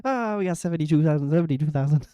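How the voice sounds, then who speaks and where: Guy doing a loud speedy auctioneer voice, higher pitched, rattling off bids. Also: expressive, clean tone, no room sound, natural voice. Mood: hyped. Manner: rapid rhythmic bid calling. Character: fast-talking male auctioneer calling bids.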